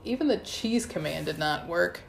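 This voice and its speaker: A woman reading a first-person adventure story aloud with lively storytelling. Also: fairly low pitch, moderate pace, vocal fry. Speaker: audiobook narrator. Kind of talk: first-person audiobook narration.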